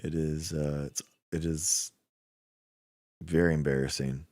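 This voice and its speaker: Young American male streamer, very low and dry, loose rambling chat full of filler. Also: steady tone, unhurried, darkish tone, dry recording. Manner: rambling, says "like" and "dude" a lot. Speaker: livestream host. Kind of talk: casual chat with chat viewers.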